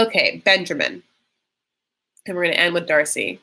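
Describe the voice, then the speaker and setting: A woman's voice: lowish voice, very animated, normal speed, sharp tone. Chatty woman gossiping through a reaction stream. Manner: chatty, lots of fillers, bursts of speed, gossipy. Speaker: reaction show host. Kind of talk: casual live reaction commentary.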